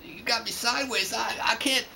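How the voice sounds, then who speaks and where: A woman's voice: on the high side, a little fast, gravelly, bright, forceful tone, a little hiss or hum, pitched above the performer's own voice, heavily acted. A woman putting on a silly voice, playing a bewildered goofy character who complains and rambles. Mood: flustered.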